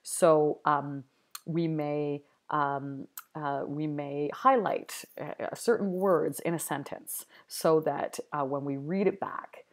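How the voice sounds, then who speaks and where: Low-voiced woman lecturing, full of ums. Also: steady tone, slow pace. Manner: hesitant, many ums and restarts. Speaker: university lecturer. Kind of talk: recorded video lecture.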